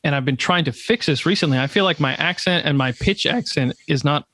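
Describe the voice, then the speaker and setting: A fairly high-pitched man from the United States asks questions in a relaxed interview. He sounds reflective and a little hesitant, and the recording is close and dry with no room sound. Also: a little fast, dry recording. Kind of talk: casual interview chat.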